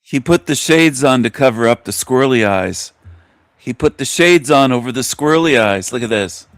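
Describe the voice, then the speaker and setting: A man's voice: mid-range voice, expressive, moderate pace, over music. A man hosting a show, mocking a video he is watching in a scornful, insulting rant. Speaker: host reacting to a video. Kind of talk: mocking live commentary.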